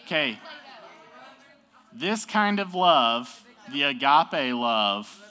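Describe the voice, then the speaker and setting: A man's voice: mid-range voice, sing-song, extremely slow, pushed and bright, clear, resonant tone. A young man teaching a class in a casual, upbeat way, often checking in with the group. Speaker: youth teacher.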